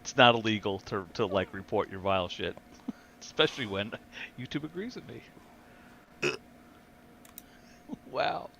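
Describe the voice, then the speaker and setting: A man's voice: fairly low pitch, measured pace, vocal fry, long pauses, sharp tone, a little hiss or hum. A man hosting a casual podcast chat, joking and laughing often. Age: adult with a wife. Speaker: podcast host.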